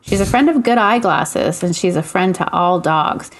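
A woman's voice: lowish voice, normal speed, a little hiss or hum. A woman hosting a podcast, chatting playfully with her guests. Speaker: podcast host. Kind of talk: casual podcast chat.

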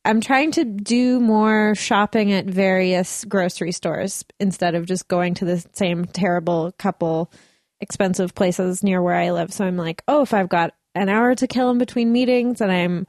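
A woman chatting casually on a podcast, spinning a long anecdote and breaking into laughter. Her voice sits at a middle pitch. It is recorded close and dry, with no room sound. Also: normal speed, no echo. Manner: animated storyteller, laughs often. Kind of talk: casual chat.

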